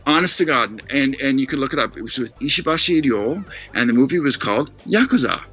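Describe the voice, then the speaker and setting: A man chatting casually on a video call, telling stories in an animated way and acting out other people's voices. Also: mid-range voice, fast talker, husky, lo-fi sound, faint music behind. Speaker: guest storyteller. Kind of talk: casual chat on a live stream. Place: living in Tokyo.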